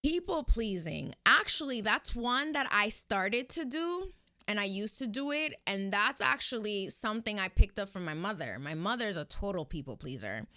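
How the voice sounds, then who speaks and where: Very animated, with a pushed, bright mid-range voice, this young vlogger speaks at a moderate pace in a Caribbean Spanish accent. Addressing viewers directly, she chats and rambles through tangents in a casual personal vlog, recorded dry at studio quality.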